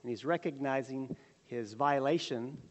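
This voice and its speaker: A man's voice: medium pitch, normal speed, big-room sound, dull audio. A man leading a prayer and then teaching a Bible lesson in an earnest, conversational way.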